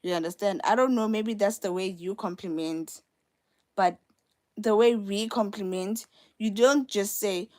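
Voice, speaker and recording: A woman's voice: medium pitch, moderate pace, a little mellow. Young woman host, mid-range voice, chatty live-stream delivery with emphatic repeats. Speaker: livestream host. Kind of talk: casual live-stream chat.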